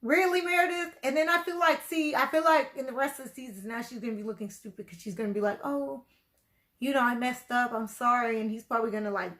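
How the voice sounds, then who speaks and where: A woman's voice: on the high side, fairly bright tone. Chatty woman reacting to a show. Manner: chatty, rambling, full of "like" and "you know". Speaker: video reactor. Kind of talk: casual reaction commentary.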